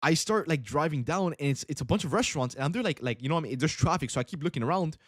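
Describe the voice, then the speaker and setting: This young livestreamer and day trader has a slightly high, expressive voice and races through a rambling, laid-back story peppered with "bro." His audio is clean studio sound without any echo.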